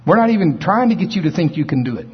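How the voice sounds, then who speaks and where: A man preaching a sermon in a folksy, animated way, acting out scripture scenes in different voices. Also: on the high side, fast talker, slightly rough. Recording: dull lo-fi recording.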